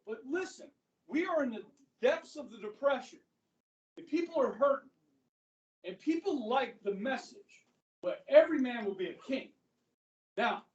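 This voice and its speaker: A man's voice: very high voice, dull audio. A male history teacher lecturing a class in a casual way. He often checks in with the students by saying "okay". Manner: talks to students, says okay a lot. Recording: echoey classroom from a far mic.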